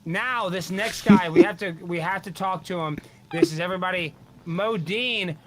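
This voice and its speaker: A man's voice: high-pitched, normal speed, a loud crowd. A man hosting a live talk show, brash and bossy, reading messages aloud to his guests. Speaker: show host.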